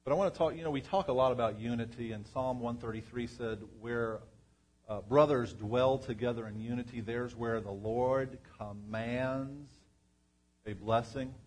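A man's voice: medium pitch, moderate pace, darkish tone. Man preaching a conversational sermon. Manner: conversational, asks the congregation questions. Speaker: pastor. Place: church before a congregation.

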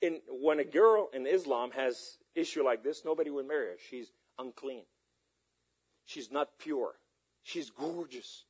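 A man preaching a sermon and telling a story with passion, at times shouting. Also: mid-range voice, unhurried, slightly rough. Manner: impassioned, rising to shouts.

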